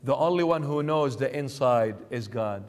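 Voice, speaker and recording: A man's voice: mid-range voice, animated, moderate pace, a little mellow, big-room sound. A man giving a sermon as a bishop, emphatic and full of rhetorical questions. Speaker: bishop preaching. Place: church.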